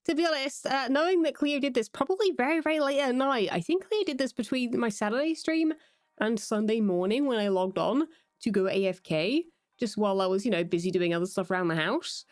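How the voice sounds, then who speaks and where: Chatty British woman, high voice. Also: fairly quick, no echo, clean studio sound. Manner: chatty and playful. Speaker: Minecraft YouTuber. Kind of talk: casual gameplay commentary.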